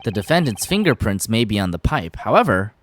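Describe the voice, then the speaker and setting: A woman streaming a game, reading the dialogue aloud with drama and bursting into excited shrieks. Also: extremely low pitch, brisk, slight background noise. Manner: reads lines dramatically, breaks into loud excited shrieks and laughter. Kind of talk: live-stream game playthrough with voiced lines.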